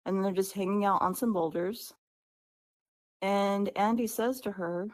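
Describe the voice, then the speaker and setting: Woman author guest, chatty storyteller, mid-pitched voice. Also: measured pace. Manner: animated storyteller, acts out characters' lines; conversational, often asks "right?". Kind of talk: interview, retelling her book's story.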